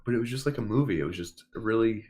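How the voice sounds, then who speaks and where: Low-voiced man telling a story. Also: fast. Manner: animated, swears casually, acts out quotes. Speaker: podcast co-host. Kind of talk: casual storytelling chat.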